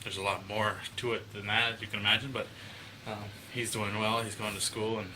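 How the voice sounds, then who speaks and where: A man's voice: on the low side, little pitch movement, fairly quick, noisy background. A man in his thirties talking casually to a handheld camera inside his house, rambling and correcting himself as he goes. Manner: rambling, self-correcting, chatty. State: out of breath. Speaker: vlogger. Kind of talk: casual vlog talk to camera.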